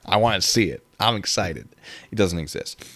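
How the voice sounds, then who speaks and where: A man's voice: deep voice, normal speed, fairly bright tone, a little hiss or hum. A young man hosting a casual livestream, rambling and reading viewer comments aloud. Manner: rambling, reads chat aloud. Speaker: livestream host.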